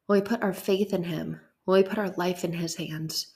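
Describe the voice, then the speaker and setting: A woman's voice: lowish voice, fairly even intonation, normal speed, creaky, a little mellow. A woman hosting a faith podcast, speaking earnestly and conversationally with emphatic repetition. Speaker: podcast host. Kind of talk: faith talk monologue.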